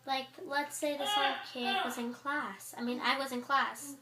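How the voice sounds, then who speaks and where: A woman's voice: sits high, fairly even intonation, moderate pace. A teenage girl vlogging in a casual, chatty way, exasperated and acting out what others say. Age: teens. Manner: chatty, exasperated, acts out quotes. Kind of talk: casual chat to camera. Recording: echoey room with faint noise.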